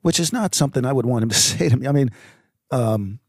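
A middle-aged man hosting a reflective faith podcast, speaking earnestly and haltingly with many fillers. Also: medium pitch, lively intonation, no room sound, clean studio sound. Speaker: podcast host.

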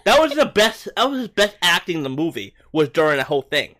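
A man co-hosting a podcast, talking over a film in a casual, rambling way, full of "like" and restarts, and often getting excited. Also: a little high, fast. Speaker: podcast co-host. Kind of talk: casual movie-review chat.

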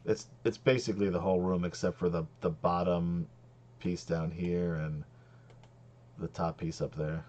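A man acting as game master, talking casually in a halting way with many restarts. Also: deep voice, flat delivery, darkish tone, lo-fi sound. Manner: halting, lots of ums and restarts. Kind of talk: running a tabletop game, casual.

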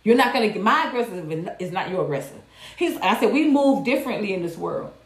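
A woman talks straight to her livestream viewers, blunt and profane with animated swings. Her mid-range voice carries a roomy echo. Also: mid-range voice, quick pace. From Georgia, USA. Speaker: livestream host. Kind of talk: candid casual commentary.

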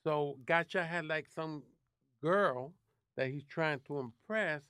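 A man from New City, a guest telling animated, profane stories with lots of restarts. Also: on the high side, slow pace, clear, resonant tone, dry recording, clean studio sound. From New York City. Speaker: guest actor. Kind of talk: casual interview storytelling.

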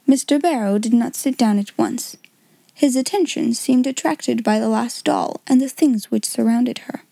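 Woman, audiobook narrator; measured reading, slightly high pitch, close dry recording. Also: gravelly, dark tone, no echo. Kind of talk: scripted narration.

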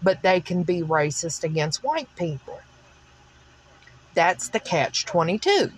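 A woman's voice: on the low side, big pitch swings, slow pace, breathy edge. A woman from the American South with a Southern accent, talking through her opinions in a rambling solo podcast monologue full of fillers. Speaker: podcast host.

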